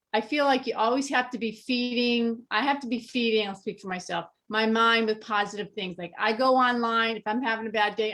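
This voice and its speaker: Brief: fairly high-voiced woman, chatty panelist, animated storyteller. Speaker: panelist on a sobriety podcast. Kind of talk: casual panel discussion.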